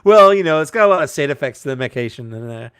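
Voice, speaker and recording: A man's voice: a little high, expressive, very fast, a bit bright, clear, resonant tone, no echo, clean studio sound. A man in casual live chat while opening toys, laughing often and talking animatedly. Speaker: toy-unboxing show co-host.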